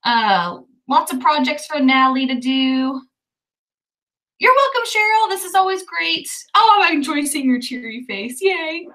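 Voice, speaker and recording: Bright-voiced upbeat woman livestream host. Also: high voice, expressive, normal speed, few pauses, far from the mic, poor audio. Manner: upbeat, cheers viewers on and reads out their comments. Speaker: livestream host of writing sprints. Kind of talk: casual livestream chat.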